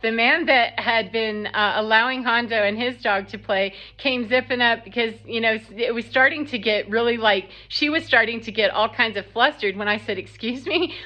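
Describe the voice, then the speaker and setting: A woman's voice: fairly high pitch, normal speed, hardly any pauses, muffled recording. A woman casually telling a long, rambling personal story, laughing often and quoting herself and others. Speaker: spiritual vlogger.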